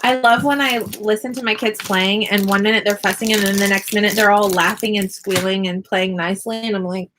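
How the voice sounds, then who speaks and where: A woman vlogging from her home classroom, chatting casually and upbeat with quick laughs while she crafts. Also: mid-range voice, steady tone, background noise. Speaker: vlogger and online teacher.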